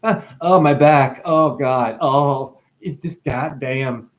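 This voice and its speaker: A man's voice: mid-range voice, slow pace, natural voice. A man doing a groaning, worn-out star-being. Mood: complaining. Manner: groaning, complaining.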